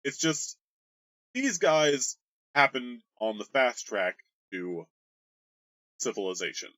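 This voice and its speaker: A man's voice: medium pitch, sing-song, slow, sharp tone, no echo. A man rambling through his tabletop campaign's history in a casual, joking way, with crude humor. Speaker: game master. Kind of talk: casual worldbuilding explainer.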